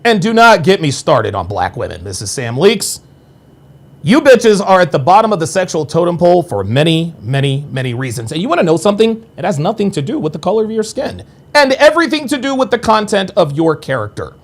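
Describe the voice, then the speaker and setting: A man's voice: big pitch swings, brisk. A man hosting a live-stream podcast, reading viewer chat aloud and firing back in a combative, profane way. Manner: combative and profane, swings between low mutters and sharp high outbursts.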